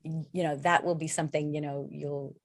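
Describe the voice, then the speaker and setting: A woman's voice: deep voice, flat delivery, normal speed, dry recording, studio quality. A middle-aged woman, an actress guest in a casual interview, talking in a chatty, rambling way with many fillers.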